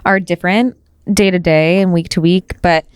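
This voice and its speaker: A woman's voice: fairly low pitch, steady tone, moderate pace, clear, resonant tone, dry recording, clean studio sound. A young woman co-hosting a podcast, a supportive listener who chimes in with sympathetic comments. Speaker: podcast co-host. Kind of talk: casual chat.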